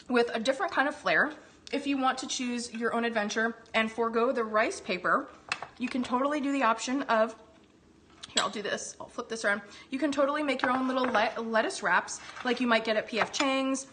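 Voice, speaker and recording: A woman's voice: on the high side, fairly quick, a bit bright, a little hiss or hum. A woman hosting a live cooking demonstration from her home kitchen, bubbly and chatty, gushing over the food and talking while she eats. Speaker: cooking show host.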